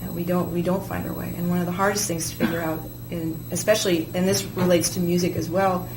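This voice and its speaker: A woman's voice: lowish voice, level tone, fast. A woman with a theater degree, speaking earnestly and reflectively as a guest on a talk show. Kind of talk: casual chat. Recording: echoey room with clear background noise.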